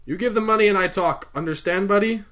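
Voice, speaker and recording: A man voicing a stubborn, excitable boy who talks through a mouthful of food and demands money. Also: fast. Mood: demanding. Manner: shrill, excitable, chewing while talking.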